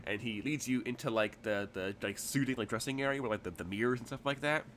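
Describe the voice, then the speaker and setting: A man's voice: medium pitch, quick pace, few pauses, a bit bright, slight background noise. A man narrating a tabletop game as game master, rambling through his descriptions with many fillers.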